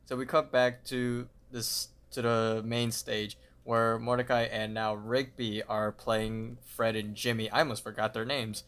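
A man's voice: mid-range voice, flat delivery, unhurried, hardly any pauses, fairly bright tone. A man co-hosting a podcast, recapping a cartoon episode in a laid-back way. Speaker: podcast co-host.

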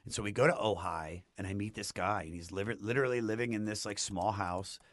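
A man telling a personal story in a casual chat, rambling and animated, with many restarts. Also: fairly low pitch, brisk, dry recording. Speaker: podcast guest.

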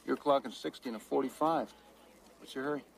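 A man's voice: medium pitch, brisk, vocal fry, lightly acted. An actor playing a brusque male traffic cop in film dialogue. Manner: brusque, mocking authority.

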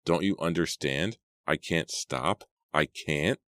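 A man's voice: extremely low pitch, slow, a bit bright, dry recording, clean studio sound, exaggerated voice. A man voicing a frightened, defiant teenage girl behind the wheel, talking in desperate shrieks. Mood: panicked.

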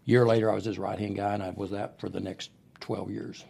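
A man's voice: fairly low pitch, fairly quick, vocal fry. A middle-aged man, a podcast guest telling wrestling stories and acting out the voices of the people in them. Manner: animated storyteller who acts out quoted voices. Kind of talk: storytelling interview. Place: podcast studio.

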